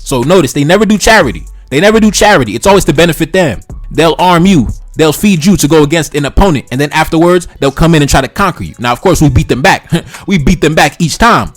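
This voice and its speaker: A man with a voice on the high side offers opinionated history commentary in colloquial language. His delivery is emphatic, peppered with sarcastic rhetorical questions.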